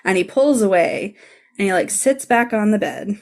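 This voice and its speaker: A woman's voice: medium pitch, moderate pace, darkish tone. A woman co-hosting a podcast, gushing through a casual scene-by-scene recap and saying "like" a lot. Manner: enthusiastic, gushing, says "like" often. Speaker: podcast co-host.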